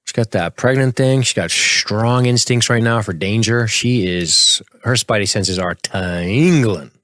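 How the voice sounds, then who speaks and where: A man with a very low, deep voice talks casually through scenes as a podcast co-host. The sound is dry and close, with no room echo. He keeps an easy, chatty flow. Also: a little slow. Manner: recaps scenes in a relaxed, chatty way.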